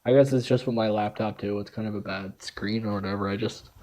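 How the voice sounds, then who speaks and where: A young man co-hosting a casual podcast chat, easygoing, with short agreeing replies and quick laughs. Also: on the low side, fairly even intonation, darkish tone. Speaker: podcast co-host. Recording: dull lo-fi sound.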